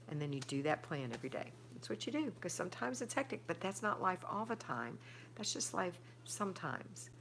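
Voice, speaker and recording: A middle-aged woman with a deep yet fairly bright voice hosts a casual live stream from home, with a little hiss or hum. She chats while reading viewer comments aloud and answering them.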